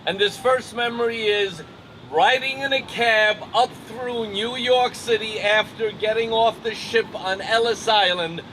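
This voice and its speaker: Slow-spoken older Irish storyteller. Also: male voice, high voice, pushed and bright, a little hiss or hum, poor audio. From Ireland. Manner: measured, wry, deliberate pacing. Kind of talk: live personal storytelling.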